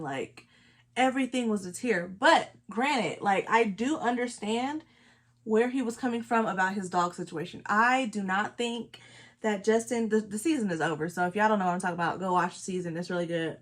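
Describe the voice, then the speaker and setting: A woman from Los Angeles, a beauty vlogger chatting casually while doing her makeup, emphatic and repeating her points. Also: medium pitch. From Los Angeles, California.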